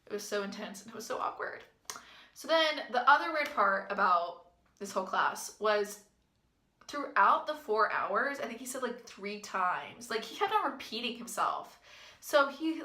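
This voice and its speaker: A woman's voice: fairly high pitch, expressive, moderate pace, bright, forceful tone. Chatty woman in an echoey room. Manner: chatty, filler-heavy, amused. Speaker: vlogger. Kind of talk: casual storytime vlog.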